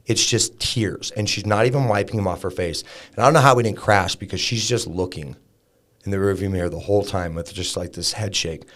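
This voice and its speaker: A man's voice: deep voice, a little fast, fairly bright tone. A man in his thirties, a podcast guest, candidly telling a personal story in a conversational way, full of fillers and restarts.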